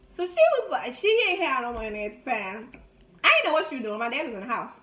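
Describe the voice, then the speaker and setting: A woman's voice: on the high side, fast talker. A woman, animatedly retelling a story while eating. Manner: animated, dramatic retelling with loud laughing outbursts. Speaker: mukbang vlogger. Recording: echoey room.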